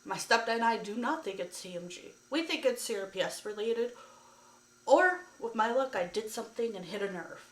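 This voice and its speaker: A woman's voice: fairly high pitch, expressive, moderate pace. A woman vlogger telling a story to camera in a ranting, exasperated way, with lots of "like" fillers. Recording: echoey room.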